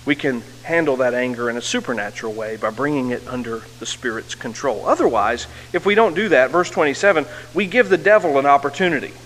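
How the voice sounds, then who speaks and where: A man's voice: mid-range voice, animated, a little fast, hardly any pauses, fairly bright tone. A male pastor preaching earnestly, building to emphatic peaks, through an amplified mic in a church hall. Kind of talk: sermon. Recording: long hall reverb with faint hum.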